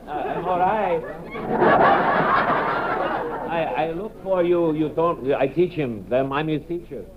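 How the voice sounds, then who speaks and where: A man's voice: a little high, takes it slowly, over a noisy crowd, heavy background noise. A man putting on a muddled foreigner in broken English. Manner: muddled, mishears everything. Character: bumbling foreign man, a costume teacher. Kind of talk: live TV sketch comedy. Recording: dull TV-set recording, loud audience.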